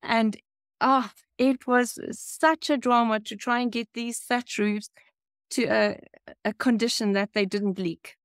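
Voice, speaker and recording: Woman, from South Africa, high-pitched, dry recording, heartfelt storytelling, laughs often. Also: steady tone, a little slow, clean tone, no echo. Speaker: guest. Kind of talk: storytelling in a faith interview.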